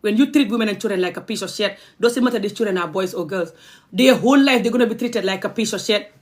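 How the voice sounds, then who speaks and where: A young adult woman vlogger from the Gambia rants angrily on a livestream, impassioned and confrontational. She speaks fast in a mid-range voice.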